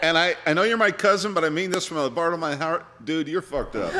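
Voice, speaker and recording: A man hosting a podcast, blunt and crude in his teasing, then asking his guest questions. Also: high voice. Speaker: podcast host. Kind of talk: casual chat.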